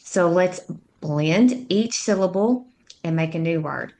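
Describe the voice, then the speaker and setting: A woman tutor narrating a phonics lesson, speaking slowly and clearly as she sounds out words and syllables. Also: fairly low pitch, expressive, darkish tone. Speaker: reading tutor.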